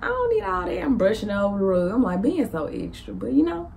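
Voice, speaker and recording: A young woman with a Southern US accent telling a lively storytime to her vlog viewers, laughing and acting out the dialogue with big jumps in pitch. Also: brisk, vocal fry, faint music behind. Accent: Southern US (Memphis). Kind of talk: animated storytime monologue.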